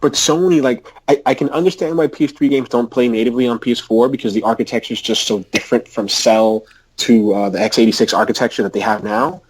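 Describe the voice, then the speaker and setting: A man co-hosting a casual gaming podcast, talking in quick animated rants. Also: medium pitch, husky, no room sound, poor audio. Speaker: podcast co-host.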